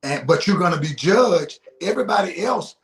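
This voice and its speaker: A man who is a former police officer, speaking in a reflective, halting way on a live video talk show. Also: high voice, lively intonation, a bit bright. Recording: echoey room.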